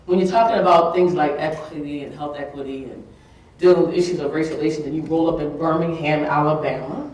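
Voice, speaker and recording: Woman, earnest conference speaker, booming hall echo, distant mic, faint room ambience. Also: fairly even intonation, fast talker, a little mellow, slight background noise. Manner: earnest, tearful at moments, laughing asides. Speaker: keynote speaker. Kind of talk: emotional public speech. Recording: echoey hall, mic from far off.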